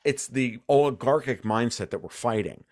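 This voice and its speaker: A medium-pitched, slightly mellow male voice at normal speed, with no echo and clean studio sound. The speaker, from the United States, airs his views as an interview guest, ranting with emphasis and restarting sentences often in an animated exchange.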